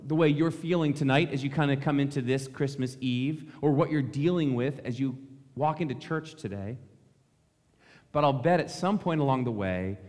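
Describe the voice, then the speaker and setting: A male pastor gives a Christmas Eve sermon, telling a relaxed story and speaking to the children. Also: on the high side. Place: church sanctuary. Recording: long church reverb.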